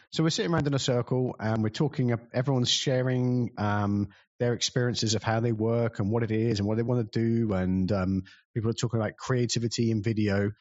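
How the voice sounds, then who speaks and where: A man with a mid-range voice tells a casual, rambling story about organizing community events, poking fun at himself and using plenty of fillers. The audio sounds dull.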